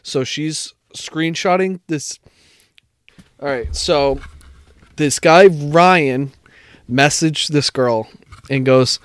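A man's voice: mid-range voice, slow, long pauses, clean tone, no echo, clean studio sound. A man co-hosting a casual podcast, reading dating-app messages aloud with amused commentary. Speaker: podcast co-host.

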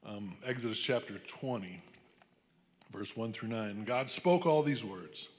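A man preaching in a church, loose and anecdotal, filling his talk with restarts and "amen?" asides. His voice sits at an ordinary middle pitch. A long hall reverb trails behind it. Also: unhurried. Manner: rambling, anecdotal, folksy asides with repeated "amen?". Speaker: pastor. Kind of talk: sermon.

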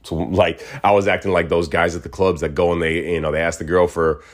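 A man's voice: sits low, little pitch movement, brisk. A man hosting his own podcast, talking alone in a casual, rambling way and acting out quoted voices. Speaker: podcast host. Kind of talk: casual solo monologue.

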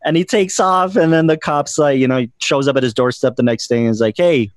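A man's voice: mid-range voice, fairly even intonation, fast talker, no room sound. A man hosting a casual film podcast, eagerly retelling his favorite scenes. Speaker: podcast host. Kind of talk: casual film review chat.

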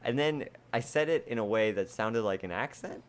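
A young man co-hosting a casual podcast, playful and quick to laugh, slipping now and then into goofy impression voices. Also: fairly low pitch, expressive. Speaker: podcast co-host. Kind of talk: casual chat.

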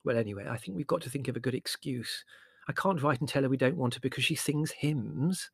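A man voicing a vague, fussy middle-aged mother who is mild, flustered and gently reproving. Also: medium pitch, fairly quick, gravelly, breathy edge, no room sound, pitched above the performer's own voice.

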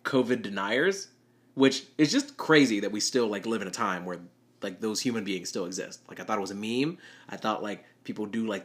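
A man's voice: lowish voice, fairly bright tone. A young man, a rideshare driver, telling a rambling, self-deprecating story with nervous laughs. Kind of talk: storytelling monologue.

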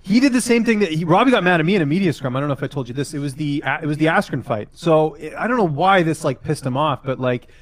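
A man's voice: on the high side, fast, hardly any pauses, no echo. A man who works as a fight-sport journalist, a guest on a podcast, chatting casually and telling rambling stories full of filler words. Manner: rambling, filler-heavy storytelling with advice.

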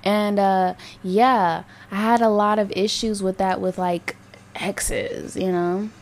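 Young woman podcasting solo, swears a lot, rambly, mid pitch, bit of faint hiss behind. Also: fairly even intonation, slow pace, darkish tone. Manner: candid and profane, rambling with fillers. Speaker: podcast host. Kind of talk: casual solo podcast monologue.

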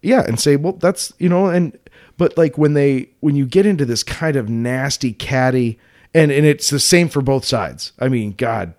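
The man co-hosting this laid-back podcast chat has a voice in the middle range. He laughs quickly, stays animated, and repeatedly restarts his sentences.

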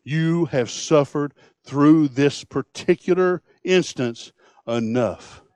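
Preacher voicing a soft, fatherly Holy Spirit. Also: on the high side, slow pace, smooth, dry recording. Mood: tender.

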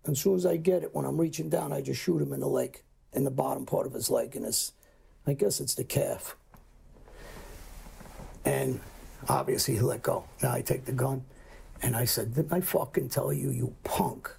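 A man's voice: medium pitch, fairly even intonation, moderate pace, vocal fry, pauses often, darkish tone, a little hiss or hum. A middle-aged man telling a story in a blunt, profane way and acting out the lines he quotes. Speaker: guest telling a crime story. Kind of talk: casual storytelling.

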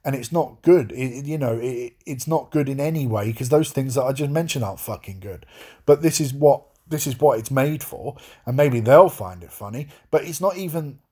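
A man's voice: mid-range voice, normal speed, darkish tone, slightly rough. A man hosting a podcast, giving an exasperated, swear-filled review in a casual ranting style, often restarting his sentences. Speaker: podcast host reviewing a film.

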